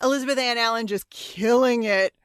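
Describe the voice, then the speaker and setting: Woman co-host, lively, laughing, higher pitch, dry recording. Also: clear, resonant tone, no room sound. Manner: animated, laughing, quick asides. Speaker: podcast co-host. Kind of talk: casual chat.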